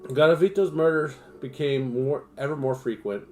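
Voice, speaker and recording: A man's voice: medium pitch, normal speed, a little mellow, faint music behind. A man on a home livestream reading nonfiction aloud and breaking off into profane, self-mocking asides. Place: home streaming setup.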